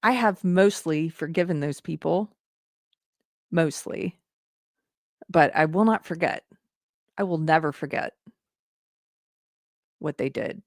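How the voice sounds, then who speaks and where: A woman's voice: deep voice, slow pace, long pauses, no echo, clean studio sound. A woman hosting her own show, talking earnestly and directly to her viewers in a commentary style. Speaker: show host.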